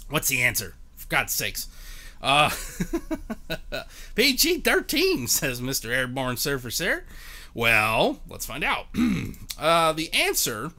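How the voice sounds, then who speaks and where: A man's voice: mid-range voice, bright, forceful tone. A man in his thirties hosting a live-streamed game show, joking and chatting with viewers by name.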